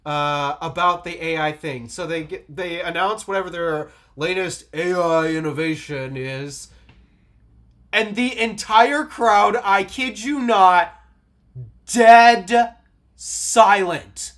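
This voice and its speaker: With a high, slightly bright voice and a measured pace, this male co-host of a laid-back tech podcast laughs often and leans on emphasis while telling stories.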